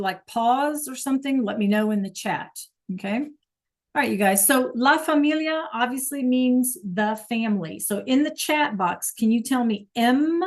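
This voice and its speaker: A woman teaching a Spanish class online over a video call, patient and checking in with students often. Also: on the high side.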